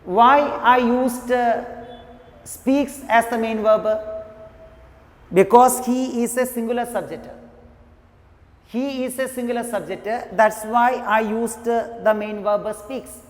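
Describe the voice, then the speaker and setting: A woman teaching an English grammar lesson, talking slowly, repeating each example and saying "you know" often. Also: fairly high pitch, fairly even intonation. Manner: slow, repetitive, says "you know" often. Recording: echoey room with long reverb.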